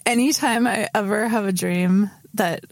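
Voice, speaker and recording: A young woman co-hosting a podcast, telling stories in a chatty, animated way with frequent laughs. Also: mid-range voice, unhurried, dry recording. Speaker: podcast co-host. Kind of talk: casual chat.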